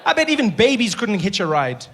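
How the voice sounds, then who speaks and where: A man's voice: high voice, brisk, a faint crowd, a little hiss or hum. A man with a South African accent doing a stand-up comedy set, telling stories and acting out characters in many voices. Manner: animated storytelling, acts out characters in many voices.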